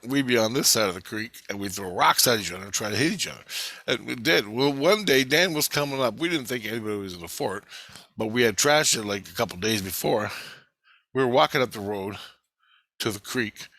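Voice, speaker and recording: A man's voice: mid-range voice, animated, fairly quick, sharp tone, dry recording. A middle-aged man telling a rambling, profane story from his childhood in a casual spoken way.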